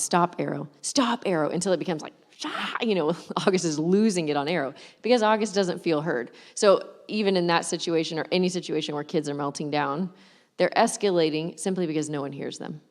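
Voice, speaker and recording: A woman's voice: low-pitched, a little mellow. A woman speaking candidly and casually as a co-speaker in a parenting talk at a church conference. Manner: casual and candid, quotes herself. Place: church auditorium. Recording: reverberant hall, voice from a distance.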